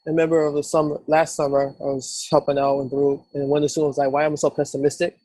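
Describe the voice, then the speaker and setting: A man hosting a podcast, telling quick joking anecdotes in casual conversation. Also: on the high side, little pitch movement, dark tone, no room sound. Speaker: podcast host.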